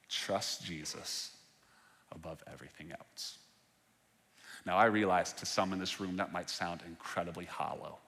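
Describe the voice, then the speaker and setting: A man preaching a sermon as pastor, moving from quiet scripture reading to animated, humorous preaching. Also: fairly low pitch, long reverb tail. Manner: preaching with rising intensity and humor. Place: church sanctuary.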